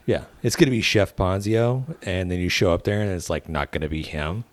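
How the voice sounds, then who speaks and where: Deep-voiced Texan man telling a story. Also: brisk, dry recording. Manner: rambling storyteller, mimics people in quotes. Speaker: podcast co-host. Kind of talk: casual chat.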